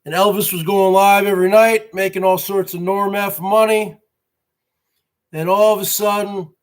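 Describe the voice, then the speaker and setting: A man's voice: high-pitched, flat delivery, moderate pace. A man hosting a livestream, ranting in an indignant, repetitive and emphatic way. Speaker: livestream host.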